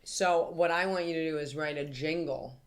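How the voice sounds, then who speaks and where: A woman's voice: low voice, fairly even intonation, moderate pace, slight background noise. Female co-host, teasing and easily amused, casual podcast chat.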